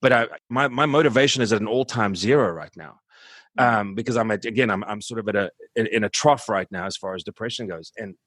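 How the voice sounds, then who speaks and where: A man in his forties talking candidly in an interview, halting and subdued, with many restarts as he searches for words. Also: on the low side, fairly bright tone, no echo. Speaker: musician guest.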